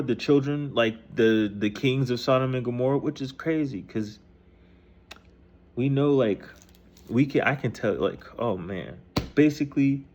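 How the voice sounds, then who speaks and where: Heard through a muffled recording, a man with a mid-range voice gives a casual, rambling account of a scripture story. He reads bits aloud and then recasts them in profane, loose slang.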